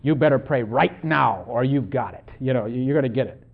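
A menacing devil scolds and threatens in a low, heavy voice, as a preacher puts him on. The recording is dull and lo-fi. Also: a little fast, vocal fry. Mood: threatening. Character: menacing devil nagging a girl.

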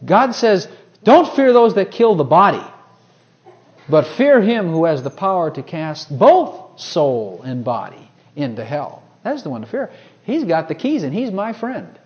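A man preaching a sermon, swinging from hushed, personal asides to loud, ringing scripture quotes. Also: sits high, very animated, a little slow.

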